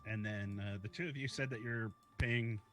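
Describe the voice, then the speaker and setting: A man's voice: fairly low pitch, normal speed, fairly bright tone, soft background music. A man narrating as game master, describing scenes in a loose, searching way.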